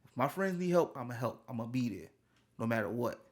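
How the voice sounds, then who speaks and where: A young man co-hosting a podcast, talking casually and animatedly, with loud bursts and laughs. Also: medium pitch, sing-song, brisk. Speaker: podcast co-host. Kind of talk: casual chat.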